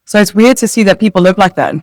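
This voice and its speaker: A woman's voice: medium pitch, expressive, fast, a little mellow, no room sound, low-quality recording. A South African woman co-hosting a casual podcast, telling stories in a chatty way with many "like" fillers. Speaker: podcast co-host. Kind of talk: casual chat.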